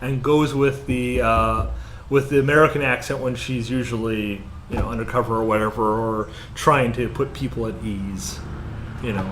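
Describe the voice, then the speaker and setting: A man co-hosting a casual movie review chat, rambling and hesitant with lots of fillers, then growing animated. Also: on the low side, moderate pace, slight background noise. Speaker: podcast co-host.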